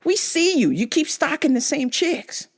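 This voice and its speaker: A woman's voice: sits high, sing-song, measured pace. A young woman hosting a podcast, ranting casually with lots of profanity and mocking voices. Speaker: podcast host. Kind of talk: casual rant monologue.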